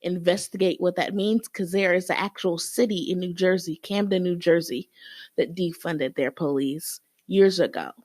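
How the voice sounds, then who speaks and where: A woman's voice: lowish voice, fairly even intonation, moderate pace, a little mellow, dry recording, clean studio sound. Earnest woman making her case. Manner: earnest, persuasive. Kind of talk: faith-based podcast chat.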